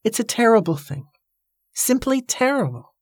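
A gruff, grim carpenter, as a woman reader puts him on, growling and blunt. The sound is dry and close with no room. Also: on the high side, very animated, normal speed, darkish tone, no echo, pitched above the performer's own voice.

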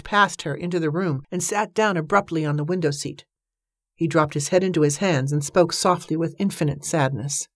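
A woman narrating an audiobook in an even, measured reading voice. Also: low-pitched, no room sound, studio quality. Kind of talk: scripted narration.

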